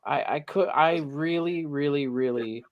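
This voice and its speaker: A man's voice: on the high side, measured pace, lo-fi sound. A man in a casual review chat, stammering and repeating words as he vents his frustration.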